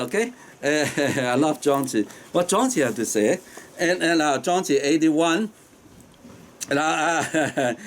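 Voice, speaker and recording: A man's voice: fairly high pitch, slight background noise. A man with a strong non-native accent teaching informally about an ancient text, hesitant with many fillers and frequent chuckles. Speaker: teacher explaining Tao Te Ching. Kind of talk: informal lecture.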